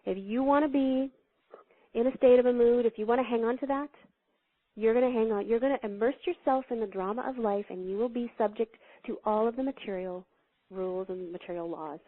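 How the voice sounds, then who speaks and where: A woman's voice: fairly high pitch, fairly quick. Woman telling stories over a tinny phone line. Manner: animated storyteller who acts out the voices in her stories. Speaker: interview guest, spiritual teacher. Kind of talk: storytelling teaching in an interview.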